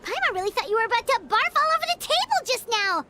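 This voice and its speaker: A woman's voice: very high-pitched, big pitch swings, fast, noisy background. A woman voicing a tiny, chirpy fairy companion girl who refers to herself in the third person in a video game.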